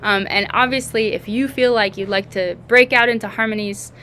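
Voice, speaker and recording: A woman leading a song session, introducing her choir in a warm, enthusiastic way. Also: medium pitch, steady tone, normal speed, slight background noise. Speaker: song leader. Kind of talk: casual introduction. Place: outdoors with choir.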